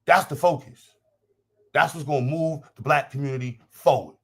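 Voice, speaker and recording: A man's voice: on the high side, moderate pace, gravelly, slightly rough. A man hosting a livestream and talking casually to his chat, blunt, profane and combative, repeating phrases for emphasis. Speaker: livestream host.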